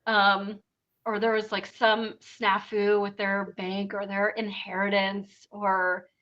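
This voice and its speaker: A woman's voice: mid-range voice, completely flat delivery, slow pace, a bit bright, dull audio. A woman co-hosting a podcast, chatting casually and sarcastically with many fillers. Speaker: podcast co-host. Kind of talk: casual chat.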